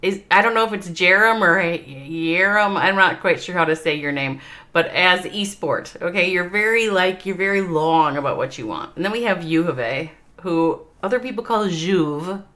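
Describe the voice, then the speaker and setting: A Minnesota-accented esports caster livestreams game commentary and chats with her viewers, laughing often. Her lowish voice sounds pushed and bright, delivered at a normal speed.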